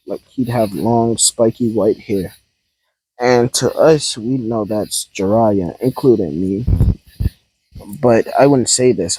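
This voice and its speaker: A man's voice: fairly low pitch, dark tone, slightly rough, no echo, rough recording. A man casually improvising a fan-fiction story, rambling and hesitant with many ums and restarts.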